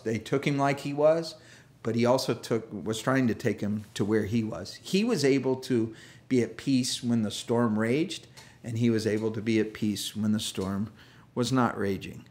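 Male pastor, casual sermon, animated storyteller who slips into the characters' voices, mid-range pitch. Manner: lively storyteller, acts out quoted voices, self-deprecating humor. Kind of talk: conversational sermon.

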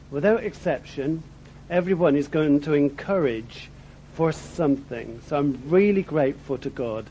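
A man's voice: fairly high pitch, mellow, a little hiss or hum. A middle-aged man with an Oxfordshire accent giving a humorous after-dinner testimony talk, with frequent ums. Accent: Oxfordshire English. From Berkshire, England. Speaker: speaker at a dinner. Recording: dull lo-fi recording.

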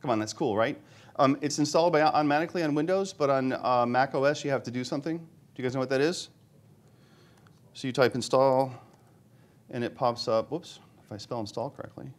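A man's voice: medium pitch, a little fast. A middle-aged man giving a live technical presentation to a conference audience, chatty and joking, often asking the audience questions. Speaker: conference speaker. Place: conference room before an audience.

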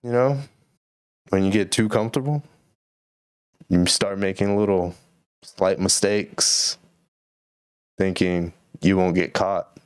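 With a smooth, low-pitched, steady voice, the man speaks slowly and leaves long pauses. He's a podcast host from Texas, musing and rambling on his own about current events in a laid-back way. The audio is studio quality with no echo.

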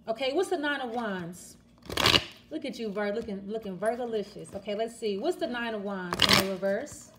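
A woman's voice: high-pitched, animated, quick pace, noisy background. A woman giving a casual, chatty tarot reading straight to the viewer, repeating and restarting her words as she talks. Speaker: tarot reader.

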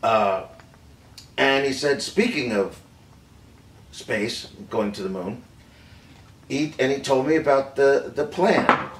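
A rambling aging film director stumbles through his memories in a hesitant, halting way, full of pauses and fillers. He sounds a little distant from the mic, in a roomy space. His voice sits at an ordinary middle pitch. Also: expressive, fairly bright tone. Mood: reminiscing. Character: aging male film director recounting a secret meeting. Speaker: actor. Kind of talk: improvised mockumentary acting.

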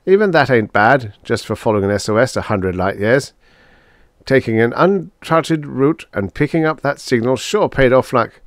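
A man voicing a gruff, excitable male space salvager who complains a lot. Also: mid-range voice, moderate pace, no room sound, studio quality, pitched above the performer's own voice, close to an everyday voice. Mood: excited.

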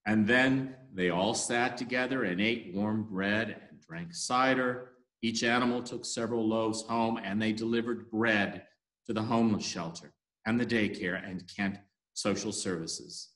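A man leading worship, telling a story for all ages with animated storytelling, in an echoey room. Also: on the low side, unhurried.

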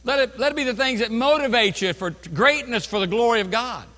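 A pastor in his fifties preaching a sermon, swinging from quiet storytelling to loud crying out. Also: very high voice, fairly quick. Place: large church sanctuary. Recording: long hall reverb in a church.

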